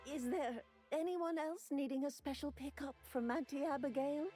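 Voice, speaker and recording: A woman's voice: high voice, steady tone, normal speed, dark tone, faint music behind, natural voice. An actress voicing a fawning, sugary female shopkeeper in a video game who calls everyone dearie. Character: syrupy, doting female shopkeeper auntie.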